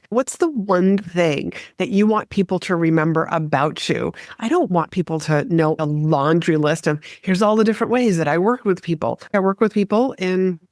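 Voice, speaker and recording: A woman's voice: fairly low pitch, darkish tone, no echo, clean studio sound. A woman, a speaking coach, giving direct conversational advice as the host of her own solo podcast.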